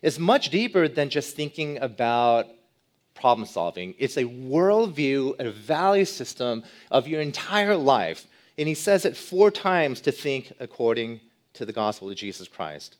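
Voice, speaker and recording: A man's voice: mid-range voice, very animated, a little slow. A man preaching an expository sermon as pastor, emphatic, repeating key words and putting questions to his listeners.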